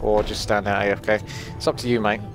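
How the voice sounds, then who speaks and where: Music runs under this fast-talking Essex man as he commentates a game live and casually. He's chatty and pokes fun at himself, his pitch leaping whenever excitement takes over.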